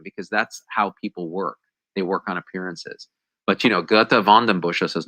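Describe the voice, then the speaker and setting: Science show guy ranting hard, sarcastic, bright sharp voice, lowish pitch. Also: fairly quick, no room sound, low-quality recording. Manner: emphatic, animated, sarcastic ranting. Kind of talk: heated commentary.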